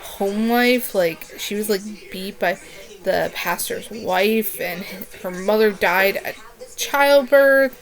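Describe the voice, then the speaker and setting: Slow-talking young woman gushing about a book. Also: mid-range voice. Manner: gushing, rambling, many "like" fillers. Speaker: book reviewer. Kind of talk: casual book review vlog.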